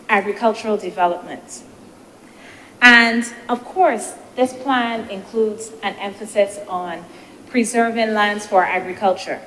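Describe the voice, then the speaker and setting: A woman senator giving a measured, deliberative parliamentary speech, posing rhetorical questions, into a desk microphone in a legislative chamber. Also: mid-range voice, a bit bright. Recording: reverberant chamber with faint noise.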